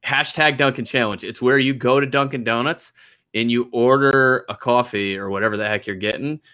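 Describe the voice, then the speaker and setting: A man with a mid-range voice hosts a casual interview, speaking briskly with a sharp tone. He keeps things laid-back, laughs easily, and lets his sentences trail off.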